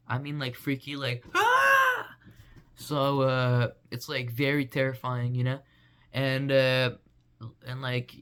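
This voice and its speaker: Rambling goofy young man. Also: mid-range voice. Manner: rambling, filler-heavy, goofy. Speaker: vlogger. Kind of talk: rambling casual monologue.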